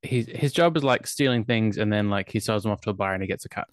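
A man's voice: fairly low pitch, fast talker, no room sound. Wry Australian man recapping films. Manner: chatty, wry film recaps with filler ums. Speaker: podcast co-host. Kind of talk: casual chat.

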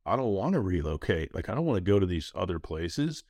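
A man in his thirties hosting a casual podcast, telling stories in an animated way. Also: low voice, brisk, dry recording, studio quality. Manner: animated storyteller, acts out quoted voices. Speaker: podcast host.

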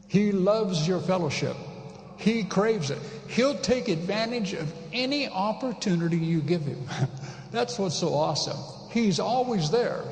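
A man's voice: high-pitched, a little hiss or hum. A pastor giving a conversational sermon, emphatic and repeating his key phrases. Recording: echoey hall with long reverb.

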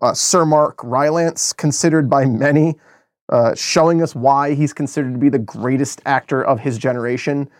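An American man co-hosting a podcast, talking through a film review in a rambling, animated way with many fillers and restarts. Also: medium pitch, moderate pace, no echo, studio quality. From United States. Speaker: podcast co-host. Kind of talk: casual film review chat.

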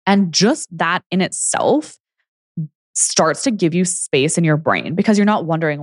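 A woman's voice: fairly low pitch, expressive, moderate pace, no echo, studio quality. A young adult woman hosting her podcast as a fitness coach, talking casually with lots of "like" and acting out what people said. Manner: chatty, frequent "like", acts out quoted people. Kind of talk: casual solo podcast monologue.

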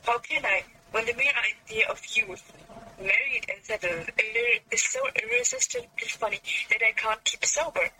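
A woman reading aloud as Jo, a frank, teasing young woman with a brisk scolding manner. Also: fairly high pitch, very animated, pushed and bright, a little hiss or hum, heavily acted, rough recording.

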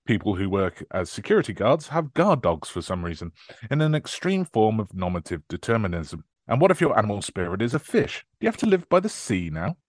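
Wry, low-voiced podcast host man. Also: very animated, fairly quick, no room sound, studio quality. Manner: wry, joking. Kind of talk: casual podcast chat.

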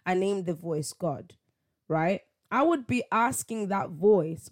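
A woman's voice: on the low side, expressive, slow pace. A woman hosting a solo faith podcast, talking in a reflective, conversational way with many rhetorical questions. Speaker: podcast host.

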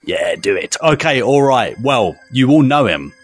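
A man's voice: mid-range voice, sing-song, unhurried, breathy edge, no room sound, faint music behind. A man co-hosting a podcast in casual chat, jokey and bantering, often repeating himself. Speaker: podcast co-host.

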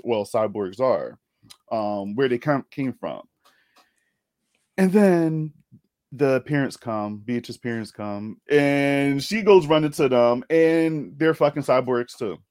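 A man's voice: mid-range voice, a little mellow, dry recording, studio quality. A young man co-hosting a podcast, casually retelling a film with lots of laughter and rambling asides. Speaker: podcast co-host.

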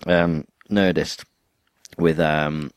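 A man co-hosting a podcast in casual chat, dropping dry, wry asides and quick interjections. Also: a bass voice, steady tone, smooth, no echo. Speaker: podcast co-host.

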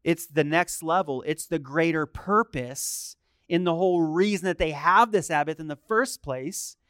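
A man's voice: on the high side, unhurried, fairly bright tone, clear, resonant tone, dry recording, studio quality. A middle-aged male pastor preaching a sermon in a conversational way, often asking his listeners questions. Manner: conversational, asks the congregation questions.

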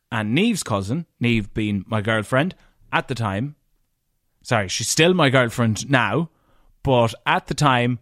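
A young Irish man hosting a podcast, telling crude, animated comic stories in a casual monologue. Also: mid-range voice, dry recording, clean studio sound. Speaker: podcast host.

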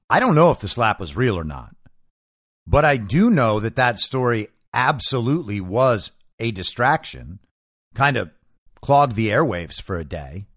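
A man's voice: mid-range voice, a bit bright, no room sound, studio quality. Sarcastic man hosting commentary. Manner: sarcastic, mocking. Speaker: show host. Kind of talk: opinion commentary monologue.

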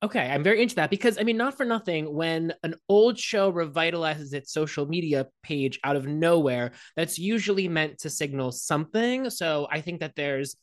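A woman hosting an interview, speaking with upbeat quick asides. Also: deep voice. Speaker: host.

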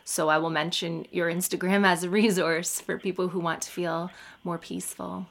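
A woman's voice: on the low side, level tone, normal speed, vocal fry. A woman in her thirties with a General American accent, hosting a podcast and chatting casually, full of self-mocking asides. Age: 30s. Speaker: podcast host and comedian.

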